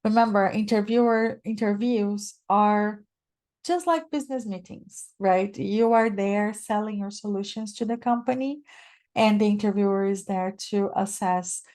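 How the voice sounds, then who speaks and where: A woman's voice: medium pitch, fairly even intonation, unhurried, a little mellow. A woman who is not a native English speaker, giving a webinar talk as guest speaker and often checking in with the listener. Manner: explanatory, checks in with "right?". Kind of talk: webinar presentation.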